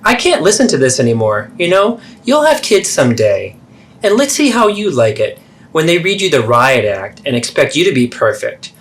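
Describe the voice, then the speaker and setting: A man's voice: on the high side, sing-song, moderate pace, a bit bright, voice pushed up. A man voicing a defensive, self-pitying middle-aged mother in a therapy role-play, deflecting and indignant. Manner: dramatic, deflecting, swings between hurt and indignant.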